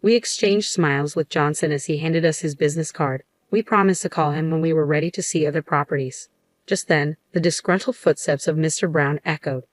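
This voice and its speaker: A woman narrating a story in an even, unhurried scripted delivery. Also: low-pitched, dry recording.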